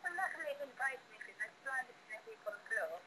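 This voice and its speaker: A woman's voice: fairly high pitch, sing-song, fast, pushed and bright, a little hiss or hum, low-quality recording. A young woman in casual chat, telling a story in a plain, hesitant way.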